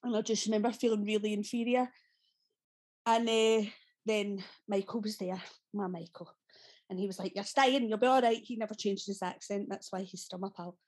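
A woman's voice: mid-range voice, little pitch movement, moderate pace, a little mellow. A Scottish woman in her thirties with a Glaswegian accent, an actress telling stories in a casual podcast interview, chatty, laughing often and swearing freely. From Scotland. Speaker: guest actress.

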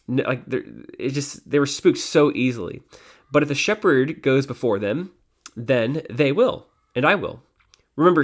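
Brief: male devotional host, mid-pitched voice, casual Bible talk, loose phrasing with fillers. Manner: casual, with fillers and self-corrections. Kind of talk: conversational Bible teaching.

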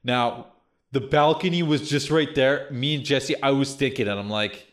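A man's voice: mid-range voice, normal speed. A young man chatting casually on a podcast, rambling through a crude story with restarts and laughter. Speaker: podcast co-host telling a story. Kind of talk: casual chat.

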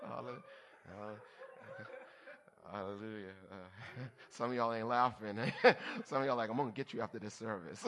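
Guy pastor preaching, kinda high voice, keeps asking the crowd are you with me, jokey asides. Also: fairly bright tone. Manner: call-and-response, checks on the congregation; playful, teasing asides. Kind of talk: sermon.

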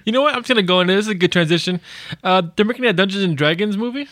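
A man's voice: sits high, racing, a bit bright, no echo. A man co-hosting a podcast, explaining comics and games with enthusiasm and frequent laughs. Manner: enthusiastic, laughs between points. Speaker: podcast co-host. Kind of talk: casual chat.

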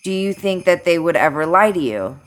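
A woman's voice: fairly low pitch, lively intonation, normal speed. A woman in her thirties co-hosting a podcast, talking hesitantly in casual chat. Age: 30s. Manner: hesitant, many fillers and restarts. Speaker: podcast co-host.

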